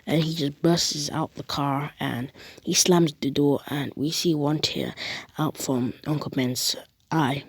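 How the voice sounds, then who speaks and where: A young woman retelling a fan story casually, rambling and animated. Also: low-pitched, takes it slowly, breathy edge, no echo. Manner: rambling, animated, lots of restarts and acted quotes.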